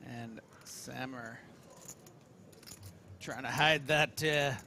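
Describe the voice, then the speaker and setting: A mid-voiced man breaks down hands on a poker broadcast, working through the options analytically and leaning on many fillers. Clear background noise runs under his voice. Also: mid-range voice, steady tone, drawn-out words. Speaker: poker strategy commentator.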